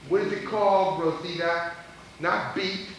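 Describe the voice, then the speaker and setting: A man's voice: sits high, fairly even intonation, unhurried, a bit bright. A man emceeing a live audience quiz at a college event, teasing contestants playfully and laughing often. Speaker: emcee quizzing audience members. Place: large college event hall. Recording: echoey hall taped from far off, noisy old videotape.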